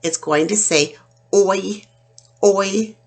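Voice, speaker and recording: Slow, gravelly-voiced woman teaching phonics. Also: mid-range voice. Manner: slow, clear, drawn-out sounding out of words. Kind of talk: phonics lesson for children.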